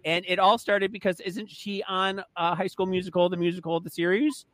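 A man co-hosting a casual talk show, chatting and joking in quick asides. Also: high-pitched, flat delivery, fairly bright tone, no room sound. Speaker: podcast co-host. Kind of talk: casual chat.

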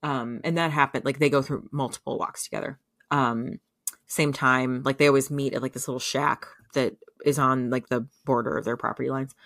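Very low-voiced woman recapping a show. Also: steady tone, normal speed, fairly bright tone, no room sound, studio quality. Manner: rambling, filler-heavy, laughs through the telling. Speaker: podcast co-host recapping a show. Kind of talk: casual storytelling recap.

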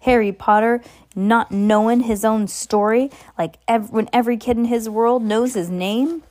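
A woman's voice: on the high side, steady tone, measured pace, a little mellow, voice pushed up, close to an everyday voice. A woman voicing a big, kindly male groundskeeper who talks in a rustic dialect with dropped endings, in an amateur audiobook reading. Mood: indignant.

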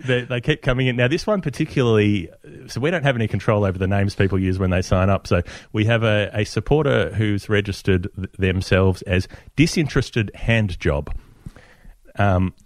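A man's voice: fairly low pitch, moderate pace, no echo, clean studio sound. A man, co-hosting a casual podcast chat in a wry, chatty way and thanking listeners by name. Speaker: podcast co-host.

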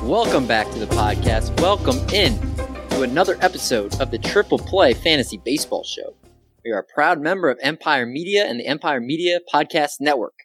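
A man's voice: on the high side, lively intonation, fairly quick, fairly bright tone, husky, no room sound, faint music behind. A man hosting a fantasy sports podcast on his own, talking upbeat and casual with self-deprecating asides. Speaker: podcast host. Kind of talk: solo sports podcast chat.

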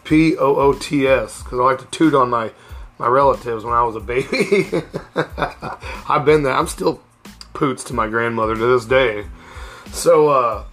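A man's voice: medium pitch, a little slow, fairly bright tone, soft background music. A middle-aged man hosting a casual storytelling podcast, speaking candidly and rambling with frequent restarts. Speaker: podcast host.

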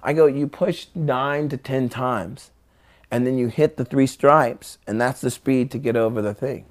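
A man's voice: medium pitch, measured pace. A man telling skateboarding stories in casual chat, acting out his friends' lines and swearing freely. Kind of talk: casual storytelling.

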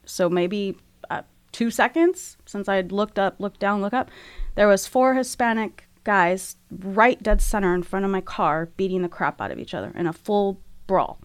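A woman speaks as a guest, candidly recounting something painful. Her delivery is frank and halting, and she is close to tears. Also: mid-range voice, clear, resonant tone. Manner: frank, halting, emotional retelling. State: tearful. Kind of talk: candid personal storytelling.

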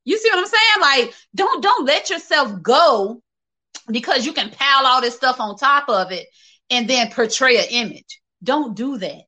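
A woman's voice: high-pitched, expressive, normal speed, pushed and bright, poor audio. A woman hosting a casual livestream, reading viewer comments and talking candidly and directly to her viewers, laughing often. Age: adult, working age.

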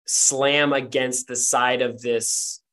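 A man's voice: medium pitch, little pitch movement, takes it slowly, bright, forceful tone. A man narrating a tabletop game as game master, with rambling, filler-heavy storytelling.

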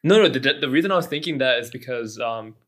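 A man's voice: medium pitch, lively intonation, fast, a bit bright. A man co-hosting a podcast, chatting casually and joking, often laughing. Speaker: podcast co-host. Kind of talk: casual chat.

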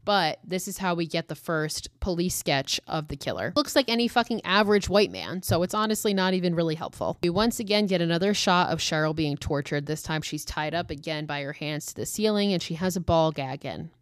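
A woman's voice: on the low side, expressive, a little fast, hardly any pauses, clear, resonant tone, dry recording. A young woman recapping a horror film in a casual monologue, blunt, profane and emotionally reactive. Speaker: commentator recapping a true-crime horror film.

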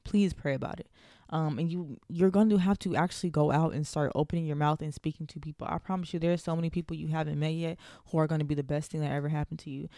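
Young woman host, warm earnest encouragement, dry close mic. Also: low-pitched, fairly even intonation, fast talker, dry recording. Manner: earnest, encouraging, faith-filled. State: out of breath. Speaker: podcast host. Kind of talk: solo podcast monologue.

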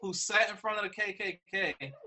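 A man's voice: sits high, normal speed, sharp tone. A man in casual political chat, telling points as stories with a sarcastic edge. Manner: storytelling, sarcastic.

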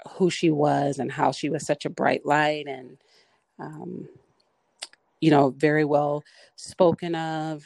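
A woman speaks on a podcast in an earnest, halting way, pausing often on fillers. Her voice has a gravelly fry to it. The sound is dry and close, with no room around it. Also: deep voice, a little mellow, no room sound. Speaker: podcast co-host. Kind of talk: casual discussion.

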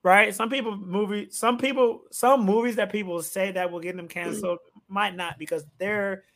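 A man's voice: high voice, normal speed. Hype-voiced male podcast host. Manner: animated, hype, playful interjections. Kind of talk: casual podcast interview.

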